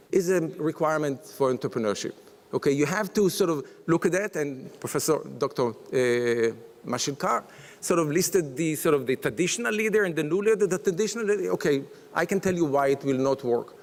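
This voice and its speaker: A man giving a conference panel talk, hesitant with many fillers and restarts, in a conference hall. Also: fairly high pitch. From Israel. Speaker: panel speaker. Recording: long reverb of a large hall.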